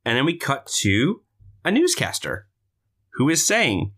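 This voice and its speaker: A podcast co-host recapping a film in casual chat, retelling scenes with animated delivery. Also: medium pitch, measured pace. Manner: animated retelling, acts out character lines.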